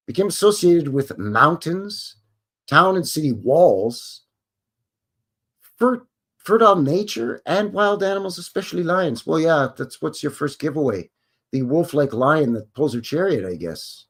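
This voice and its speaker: A man's voice: on the high side, very animated, normal speed, slightly rough. A man hosting a casual live stream, reading text aloud and cutting in with wry, sarcastic remarks to his viewers, often stumbling and restarting.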